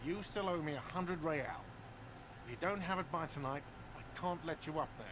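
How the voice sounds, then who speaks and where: An actor playing a grumpy, sarcastic middle-aged bartender in a video game. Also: male voice, fairly high pitch, moderate pace, noisy background, natural voice. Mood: gruff. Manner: sarcastic, grumbling.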